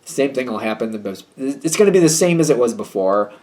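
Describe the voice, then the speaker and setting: A man's voice: mid-range voice, expressive, a little fast, darkish tone. A man giving a casual tarot reading to his viewers, chatty and hedging, with a wry, slightly snippy tone. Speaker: tarot reader.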